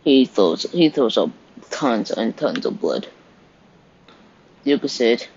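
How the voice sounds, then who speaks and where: A man's voice: medium pitch, very animated, slow pace, creaky, pauses often, a little mellow, slightly rough. Man rambling through an improvised story. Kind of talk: improvised fan story narration. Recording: dull lo-fi recording.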